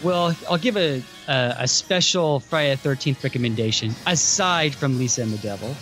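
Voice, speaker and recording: A man's voice: medium pitch, normal speed, a bit bright, soft background music. A man co-hosting a casual podcast, enthusiastic and upbeat as he recommends films. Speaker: podcast co-host. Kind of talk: casual chat.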